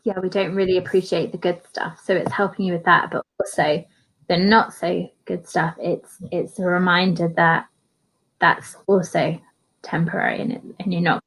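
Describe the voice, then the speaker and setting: A woman's voice: fairly low pitch, flat delivery, moderate pace, fairly bright tone, poor audio. A woman hosting a coaching podcast, affirming her guest and thinking aloud in casual conversation.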